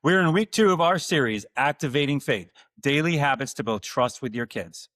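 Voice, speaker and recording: A man hosting his own podcast, delivering a calm, earnest, scripted monologue to fathers. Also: mid-range voice, moderate pace, no echo, clean studio sound. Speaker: podcast host.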